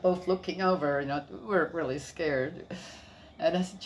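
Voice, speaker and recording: A woman's voice: deep voice, moderate pace, a little hiss or hum. An older woman and grandmother chatting casually, telling family stories in a rambling way with fillers. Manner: rambling, warm storytelling with laughs and repeated fillers. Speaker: grandmother sharing family life. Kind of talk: casual personal chat.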